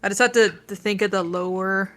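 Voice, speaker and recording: A woman's voice: mid-range voice, steady tone, brisk, crowd noise. A woman chatting casually on a game stream, playful and joking. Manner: playful, tries out character accents. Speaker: co-streamer friend.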